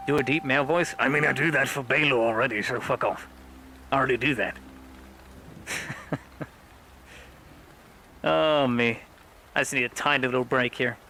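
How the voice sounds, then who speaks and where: A man's voice: medium pitch, gravelly, pushed and bright, a little hiss or hum, poor audio. A man streaming a roleplay game, chatting casually and joking between scenes, swearing freely.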